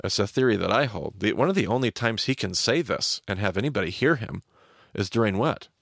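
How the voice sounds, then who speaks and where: A man's voice: on the low side, animated, a little fast, gravelly, fairly bright tone, no room sound, studio quality. A man who hosts a podcast and teaches by vivid storytelling. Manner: vivid storyteller, voices the crowd's chants.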